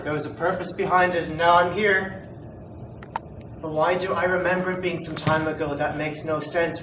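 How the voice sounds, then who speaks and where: A man's voice: on the high side, lightly acted. An actor playing a confused techno-human man who has lost his memory and questions himself aloud, in an amateur audio drama. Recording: roomy, distant mic, noisy background.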